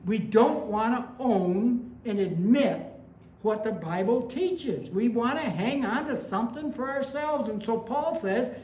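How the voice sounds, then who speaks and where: A woman's voice: on the high side, expressive, a little slow, mellow. Conversational woman preacher in an echoey room. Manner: conversational preaching with anecdotes and rising emphasis. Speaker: pastor. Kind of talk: sermon. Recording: echoey room with faint ambience.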